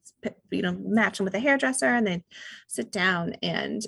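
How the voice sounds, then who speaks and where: A woman's voice: mid-range voice, normal speed, creaky, fairly bright tone, husky, no echo. A woman hosting a podcast, chatting casually and often murmuring agreement while her guest talks. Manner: attentive listener, frequent affirmations. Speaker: podcast host. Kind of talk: casual interview chat.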